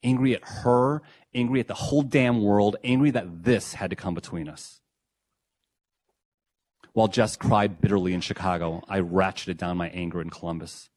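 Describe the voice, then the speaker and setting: A young adult man reading his own memoir essay in a reflective, measured, quietly emotional way. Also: low-pitched. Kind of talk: first-person memoir reading.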